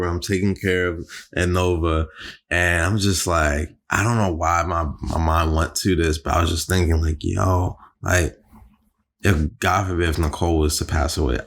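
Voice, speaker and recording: A young man co-hosting a podcast, talking in a relaxed, slangy way full of "like" and "yo". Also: low voice, gravelly. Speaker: podcast co-host. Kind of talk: casual chat.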